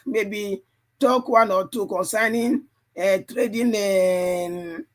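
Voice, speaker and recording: A man coaching a live trading stream, his voice strained and tired, repeating phrases and constantly checking "you understand?". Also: high voice. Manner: repetitive, keeps asking "you understand?". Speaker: trading livestream host. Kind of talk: live chart analysis and coaching.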